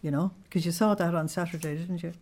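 A woman's voice: on the low side, steady tone, a little mellow. Emphatic woman leading devotional study. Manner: emphatic, slows down to stress key words; asks listeners to check their understanding. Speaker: religious study group leader. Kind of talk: devotional teaching with readings aloud.

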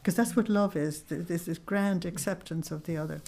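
An earnest woman teaching a religious study class, reading passages aloud and then explaining them. Her voice sits somewhat low, and she often checks in with her listeners through tag questions. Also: normal speed, darkish tone. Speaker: spiritual study group leader.

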